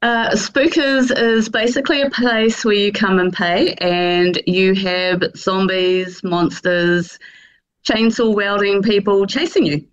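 A woman's voice: medium pitch, fairly even intonation, takes it slowly, clean tone, muffled recording. A woman with a New Zealand accent, interviewed as a guest, hesitant and full of fillers but cheerful. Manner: hesitant, many fillers, laughs easily. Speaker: guest, attraction manager. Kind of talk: radio interview.

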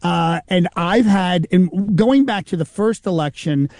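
Clean studio sound with no echo captures this man's gravelly voice, which sits high and moves at an unhurried pace. A comedian and impersonator, he shares lively anecdotes during an interview, performing the voices of everyone he quotes.

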